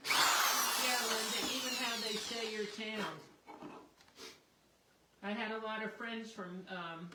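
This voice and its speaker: A woman's voice: fairly high pitch, steady tone, slow pace, long pauses. Chatty woman with a Philadelphia accent. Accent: Philadelphia area. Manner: chatty, reads out comments, laughs easily. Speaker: craft video host reading viewer comments. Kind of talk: casual chat. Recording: roomy, distant mic, background noise.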